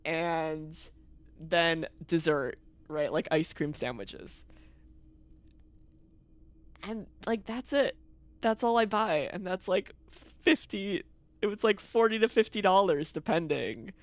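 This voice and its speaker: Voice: medium pitch, expressive, slow, pauses often, dry recording. A streamer chatting casually on a live stream, ranting with frequent laughter and free swearing. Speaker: game streamer. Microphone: streaming mic.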